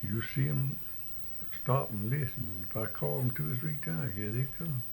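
An older man, giving short, plainspoken answers in a relaxed dialect interview. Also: mid-range voice, moderate pace, gravelly, a little hiss or hum, poor audio. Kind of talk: casual rural dialect interview.

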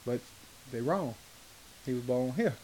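A man from Atlanta with a Southern accent, telling stories in an interview in a halting, rambling way full of fillers. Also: medium pitch, animated, mellow, a little hiss or hum, low-quality recording. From Atlanta, Georgia. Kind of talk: casual storytelling in an interview.

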